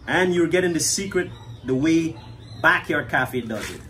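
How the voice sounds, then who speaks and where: A man's voice: a little high, expressive, normal speed, bright, forceful tone, slight background noise. A man with a Guyanese accent, chatting casually through a cooking demonstration as a cafe owner and often tagging his sentences with "right?".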